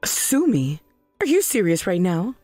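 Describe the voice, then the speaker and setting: A woman voicing a self-righteous middle-aged mother in a scripted drama, shrill, demanding and defensive. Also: very animated, a little slow, mellow, no echo, faint music behind. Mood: outraged.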